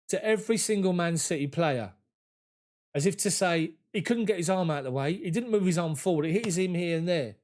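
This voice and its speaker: A man's voice: a little high, darkish tone. A man giving live, emotional, conversational play-by-play of a football match from a fan's point of view, at home. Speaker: fan commentator.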